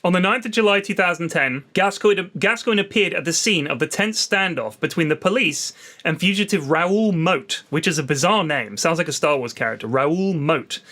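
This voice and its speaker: A young man with a fairly high voice tells jokey, sweary stories in casual podcast chat. He rambles, laughs and slips into put-on voices for the people in his tales. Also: expressive, normal speed, pushed and bright. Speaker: podcast co-host.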